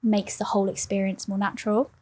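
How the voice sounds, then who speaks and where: A young woman, co-hosting a marketing podcast in a thoughtful, measured casual chat. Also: medium pitch, little pitch movement, a little mellow. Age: young adult.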